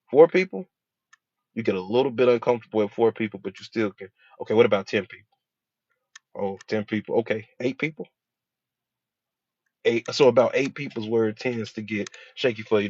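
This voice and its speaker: A man's voice: fairly low pitch, fairly quick, pauses often, a little mellow, no echo. Guy hypnotherapist preaching mindset, repeats himself a lot, slangy and emphatic, muffled dry lo-fi sound. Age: adult with a school-age child. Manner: emphatic, repetitive, rhetorical questions; casual slangy delivery. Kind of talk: motivational speech. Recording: dull dry lo-fi recording.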